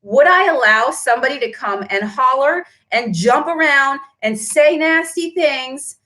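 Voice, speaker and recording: A woman who runs a paint shop chats on a live stream, answering viewer comments and ending her points with "right?". Her voice sits high and sounds pushed and bright, animated yet unhurried.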